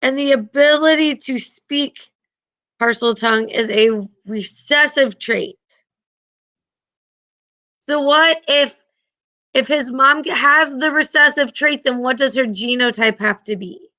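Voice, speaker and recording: A woman's voice: high-pitched, slow pace, pauses often, pushed and bright, rough recording. A woman teaching a class, patiently explaining and often checking in with her students.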